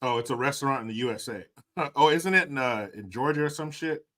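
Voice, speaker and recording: A man's voice: medium pitch, fairly quick, fairly bright tone. A man hosting a casual livestream, reading chat aloud and joking crudely with plenty of swearing. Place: indoors, cold room.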